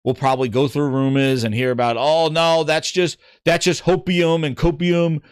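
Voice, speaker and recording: A man hosting a gaming podcast, ranting in casual chat, animated and exasperated, rambling with frequent restarts. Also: fairly high pitch, moderate pace, clear, resonant tone, dry recording, clean studio sound.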